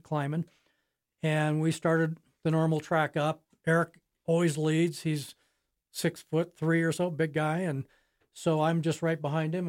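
A man in his sixties tells the story of his own backcountry ski emergency in an interview, unhurried and plain, pausing often. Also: a little high, a little mellow. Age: 60s. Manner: plain, unhurried storytelling with many pauses and "you know". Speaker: skier telling his rescue story. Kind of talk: recounting a personal story in an interview.

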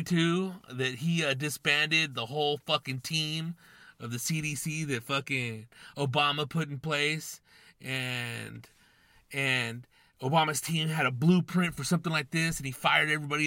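A man's voice: a little high, pushed and bright, dry recording, clean studio sound. A young man hosting a podcast, rambling casually with constant swearing and slang. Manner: profane, rambling, slangy, says "dude" and "man". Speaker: podcast host. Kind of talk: casual monologue.

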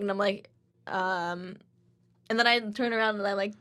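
A woman's voice: a little high, expressive, fast talker, a bit bright. A woman in her twenties, a podcast co-host, chatting casually and telling rambling anecdotes full of "like" while acting out the people in them. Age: 20s.

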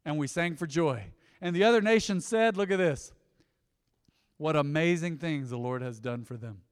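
Animated pastor in a reverberant church. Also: male voice, on the high side, normal speed, smooth. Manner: animated, swings from loud exhortation to soft asides. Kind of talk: lively sermon. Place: church sanctuary.

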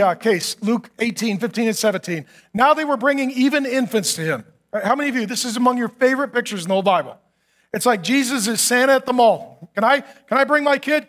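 A middle-aged man preaching a sermon as a pastor, telling stories with animated acted quotes and humor. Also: high-pitched.

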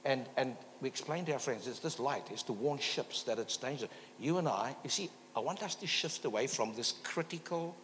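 A man's voice: mid-range voice, fairly bright tone. Male guest preacher, storytelling sermon, long church reverb, faint hum. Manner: storytelling preacher calling for amens. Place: church hall.

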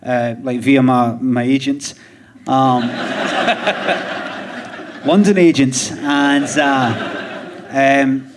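On a theatre stage before a live audience, this Scottish comedian from Glasgow talks extremely slowly, with long pauses, in a mid-range voice with steady intonation. A guest on a live podcast, he tells rambling stories, restarting and chuckling dryly, with audience noise audible in the recording.

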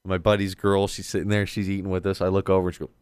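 Man, casual co-host, lower voice, lively and profane storyteller, dry sound. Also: very fast, smooth, dry recording. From Southern California. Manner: animated storytelling, swears a lot. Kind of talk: casual chat.

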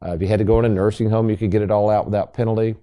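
A man's voice: fairly low pitch, level tone, racing, warm tone, clean tone. A man hosting a radio talk show as a financial advisor, folksy and salesy, speaking to listeners as folks.

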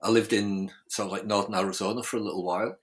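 A man's voice: lowish voice, steady tone, fast talker. A man telling a story in an easygoing way during a casual chat.

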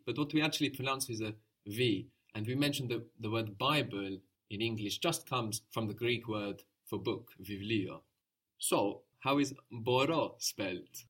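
A man's voice: lowish voice, fairly bright tone, breathy edge. A man teaching a language lesson, patient and encouraging, explaining each point step by step.

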